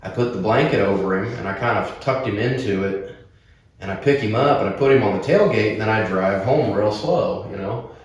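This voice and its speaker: Lowish-voiced guy swearing through a story, echoey room, mic kinda far. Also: brisk. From Oklahoma. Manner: profane, animated storyteller. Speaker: podcast co-host. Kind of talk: casual storytelling.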